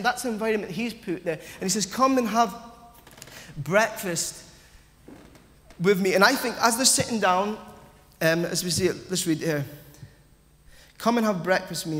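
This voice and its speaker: High-voiced preacher in a reverberant church. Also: male voice. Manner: emphatic, repetitive, asks the congregation questions. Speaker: pastor. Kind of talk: sermon. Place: church hall.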